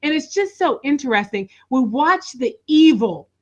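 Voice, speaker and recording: A woman's voice: sits high, lively intonation, normal speed. Enthusiastic woman co-host, lo-fi audio. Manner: enthusiastic, chatty. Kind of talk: casual recap chat. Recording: dull lo-fi audio.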